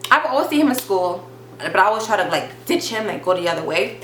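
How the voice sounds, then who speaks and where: A young woman telling a storytime vlog in a chatty, animated way, leaning on "like" and bluntly swearing now and then. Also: medium pitch, fast. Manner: chatty, animated retelling full of "like" and acted quotes. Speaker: vlogger. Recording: roomy echo with faint hum.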